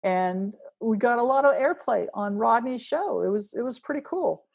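A woman's voice: fairly high pitch, animated, normal speed, gravelly, lo-fi sound. A woman musician talking casually in an interview, rambling with restarts as she thinks aloud. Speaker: musician guest.

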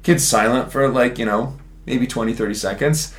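A man's voice: mid-range voice, moderate pace. Profane storytelling podcast man. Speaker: podcast co-host; English teacher in Japan. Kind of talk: casual chat.

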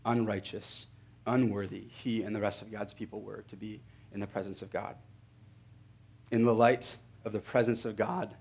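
A man delivers a sermon from the pulpit in a fairly low voice. He speaks earnestly and leans into repeated words for emphasis. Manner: earnest, builds to emphatic repetition. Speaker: pastor.

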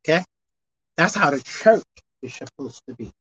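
A woman pastor preaching a sermon, dropping to low asides and rising to loud shouted exhortation, reading scripture slowly and deliberately. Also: animated, slightly rough, no room sound. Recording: slightly dull, dry recording.

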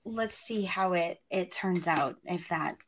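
A woman chatting casually about comic art, quick to agree and apologize for interrupting. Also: on the low side. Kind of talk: casual comic book review chat.

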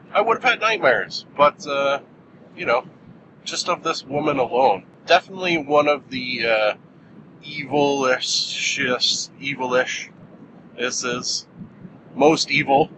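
A man talks through a movie review in a loose, rambling monologue. His voice sits mid-range, and he jokes and fills gaps with frequent "uh"s. A clear, steady vehicle rumble runs behind him. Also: moderate pace. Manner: rambling, jokey, many fillers. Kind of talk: casual film review monologue.

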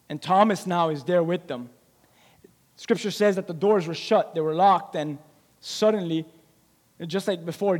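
A male preacher with a strikingly high voice delivers an emphatic sermon full of rhetorical questions and repeated phrases. His words ring out with a long reverb, as if in a large hall.

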